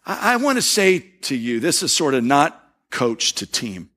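Very animated yet measured in pace, a middle-aged man preaches a sermon like a story told among friends. He sinks his voice soft and low to underline key moments.

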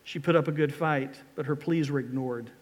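A man's voice: a little high, moderate pace. A middle-aged man preaching a sermon as pastor, reading scripture with dramatic emphatic pleas.

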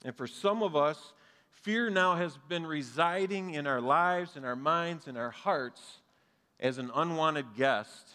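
A man's voice: a little high, a little slow, pushed and bright. A man, preaching a sermon as pastor to a live and online congregation, earnest and conversational with touches of humor. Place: church sanctuary, live and streamed. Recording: long hall reverb.

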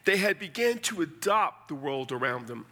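Male pastor, sermon delivery, slightly high and bright, emphatic, rhetorical. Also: very animated, moderate pace. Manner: emphatic preaching with rhetorical questions.

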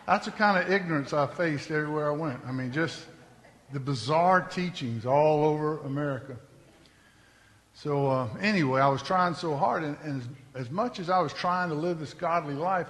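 A man's voice: a little high, moderate pace, a bit bright, big-room sound. A man telling his testimony from the pulpit in an earnest, conversational storytelling manner. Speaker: preacher giving his testimony.

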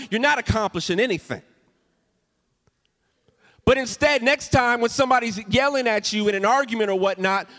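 A man preaching a sermon as pastor, swinging from loud emphatic lines to soft, hushed storytelling. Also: a little high, long reverb tail. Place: church sanctuary.

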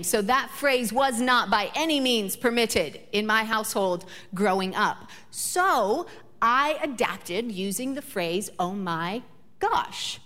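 A woman in her thirties delivers a sermon, her voice a little higher than most. She builds passionate repeated phrases, then slips into relaxed storytelling. The sound carries a long hall reverb. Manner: emphatic repetition, rising passion. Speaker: pastor. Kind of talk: sermon with personal stories.

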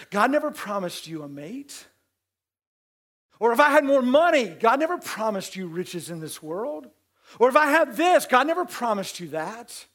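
A male pastor delivers a sermon in a conversational style. His voice sits high for a man, and he doubles back on words to press his points. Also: sing-song, moderate pace, fairly bright tone. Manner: conversational preaching with emphatic repeats.

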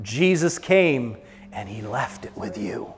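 A male pastor preaching a sermon, swinging between hushed lines and loud, drawn-out ones. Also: mid-range voice, sing-song, long reverb tail.

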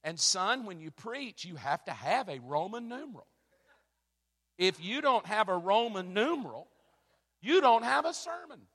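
A methodical, strict mother, voiced by her son, who lays out orderly rules in a firm tone. The voice is bright, with a long hall reverb behind it. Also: sits high, big pitch swings, a little slow, heavily acted. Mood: instructing.

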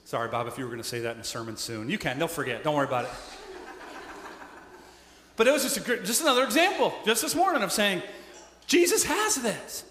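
High, bright-voiced man preaching in a hall. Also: lively intonation, quick pace, pauses often, a little hiss or hum. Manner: conversational preaching, asks the audience "right?" often; acts out quoted voices. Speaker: pastor. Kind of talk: sermon. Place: church sanctuary. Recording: echoey hall with long reverb.

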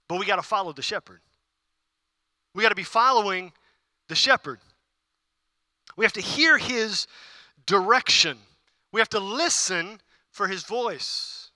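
A man's voice: sits high, expressive, a little slow, long pauses, pushed and bright, dry recording, studio quality. A male pastor giving a conversational sermon, repeating key phrases and putting questions to the congregation.

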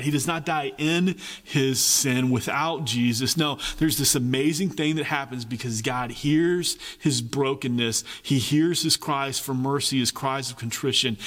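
Pastor, male, mid-pitched voice, earnest sermon delivery with repeated phrases and changing pace. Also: a bit bright, in a large hall.

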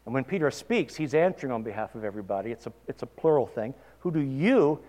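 A man's voice: medium pitch, expressive, fast talker, dark tone, long reverb tail. A man preaching a sermon, asking his listeners pointed questions and building to emphatic peaks. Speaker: pastor.

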